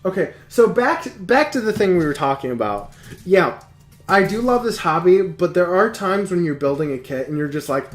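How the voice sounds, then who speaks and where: A man's voice: sits high, expressive, moderate pace, reverberant, faint music behind. A man hosting a live stream, chatting casually, rambling and laughing often. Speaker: streamer host.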